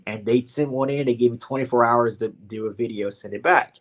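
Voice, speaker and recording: This young Louisiana man speaks in a mid-range voice, a little on the fast side, with a Southern accent. As a podcast guest, he tells his story casually and animatedly, sprinkling in plenty of "like" and "man."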